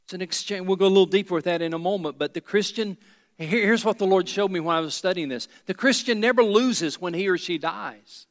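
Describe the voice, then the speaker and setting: A man's voice: sits high, a little fast, big-room sound. A pastor preaching a sermon, a man who drives points home by repeating key phrases.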